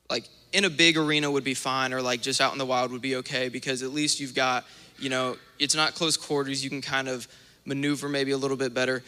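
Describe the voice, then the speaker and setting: A young male minister preaching a sermon, telling stories in an animated way and acting out little scenes. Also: medium pitch, smooth. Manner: animated storytelling with acted-out asides. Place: church sanctuary. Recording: long church hall reverb.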